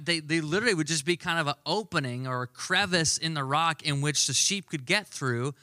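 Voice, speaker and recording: A male pastor preaching a sermon in a conversational, emphatic way, slowing down to stress key words. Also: on the high side, pushed and bright, no room sound, studio quality.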